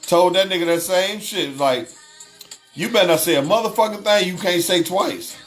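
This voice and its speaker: His voice sits high and a bit bright at a normal speed, with faint music behind it. The man hosts an easygoing livestream, reading chat out loud, swearing freely, laughing often and repeating himself.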